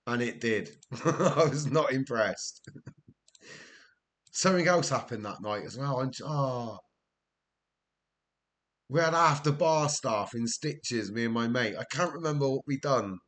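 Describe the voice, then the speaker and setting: This young man from Wales streams a football management game live, his mid-range voice a bit bright as he talks casually over the gameplay. He spins stories, laughs a lot, and responds to viewers in chat.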